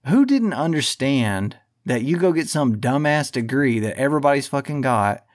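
A man holds forth on his own podcast, swearing freely and pushing back hard in a heated, combative rant. His voice sits at an ordinary middle pitch. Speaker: podcast host. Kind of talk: ranting podcast monologue.

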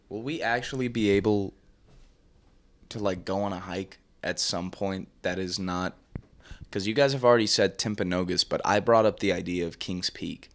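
Easygoing young man, low voice. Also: moderate pace. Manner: loose, laughing, trailing off. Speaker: podcast co-host. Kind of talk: casual chat.

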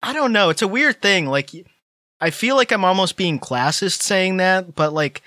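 Man, bright tense voice, slightly high, dry close sound, wry hedging podcast banter. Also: lively intonation, normal speed, no room sound. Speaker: podcast co-host.

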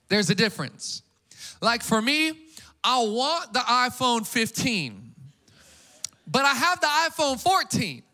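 A man preaching an Easter sermon to a congregation, energetic and casual, with call-and-response. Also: very high voice. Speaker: pastor.

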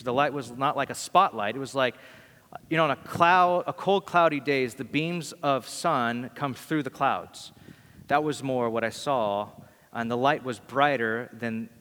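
This is sermon storytelling from a male pastor whose voice sits in the mid range with a fairly bright quality. Speaking casually, he performs the voices of the people in his stories, and the church hall gives the recording a long reverb.

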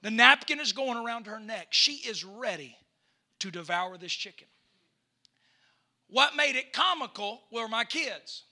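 Male preacher, high and piercingly bright; storyteller who climbs to shouting. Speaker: pastor. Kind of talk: sermon.

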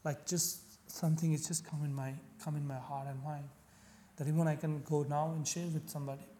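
A man from Pakistan, telling his personal faith story as an interview guest in earnest, halting English. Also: on the high side, little pitch movement, mellow, big-room sound, a little hiss or hum. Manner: earnest, halting non-native English with restarts. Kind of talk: personal faith testimony in conversation.

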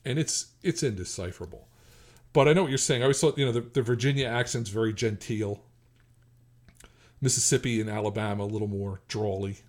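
A man's voice: fairly low pitch, a little fast, darkish tone. A middle-aged man co-hosting a podcast, talking casually about a TV episode, hesitant, restarting often and chuckling. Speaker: podcast co-host. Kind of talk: casual chat.

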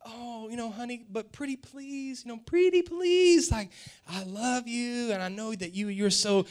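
A man's voice: high voice, expressive, normal speed, fairly bright tone. A man playing his wife, who sweet-talks her husband, in a sermon. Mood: pleading.

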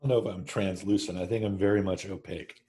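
A man co-hosting a writing podcast, joking drily and pausing with hesitant fillers. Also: low voice, steady tone, dark tone. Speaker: podcast co-host, author. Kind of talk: podcast chat.

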